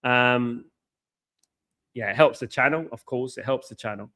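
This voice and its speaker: On a live stream, a married man with a mid-range voice hosts a football watchalong. He's fast, excitable and passionate, repeating himself, reading out chat and shouting out viewers, all through headphones with a mic.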